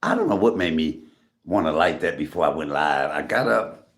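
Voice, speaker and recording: Streaming from his home room on a tripod-mounted phone, a middle-aged man speaks at normal speed with an extremely low-pitched voice. He chats casually, greeting viewers by name and coughing often.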